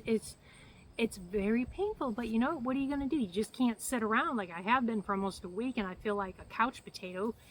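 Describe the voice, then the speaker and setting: A woman's voice: on the high side, a little hiss or hum, poor audio. A middle-aged woman vlogging a casual health update, rambling and flustered, with a hacky cough and shortness of breath. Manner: rambling, flustered, many fillers.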